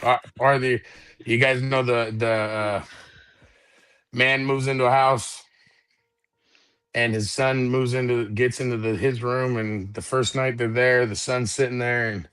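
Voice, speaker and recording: Casting note: man on a podcast, bright, forceful tone, loud and laughing, trades dirty jokes. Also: steady tone, unhurried, smooth, soft background music. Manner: loud, laughing, drops into a low growl for joke voices. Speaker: podcast co-host. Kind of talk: casual chat, telling crude jokes.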